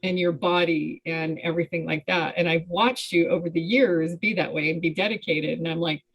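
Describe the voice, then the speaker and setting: A woman taking part in a fitness challenge, chatting on a video call in a gushing, halting way with many restarts. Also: fairly low pitch, steady tone, rough recording. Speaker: challenge participant. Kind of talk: casual chat on a video call.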